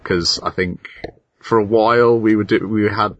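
A man's voice: fairly low pitch, steady tone, moderate pace, fairly bright tone, no room sound, dull audio. A man hosting a podcast in casual chat, talking steadily about the show. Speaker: podcast host.

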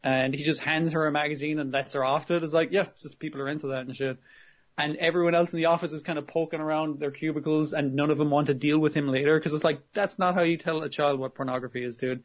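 A man in casual podcast chat, his voice sitting a little high. He retells scenes with lively acted-out quotes and blunt swearing. The audio is dull and lo-fi. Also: quick pace. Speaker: podcast co-host reviewing anime.

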